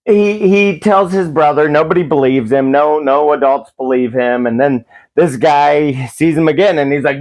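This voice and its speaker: A man's voice: on the high side, fairly even intonation, normal speed, darkish tone. A man giving a rambling, profane comedic recap of a film, full of restarts and acted-out quotes. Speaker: movie reviewer.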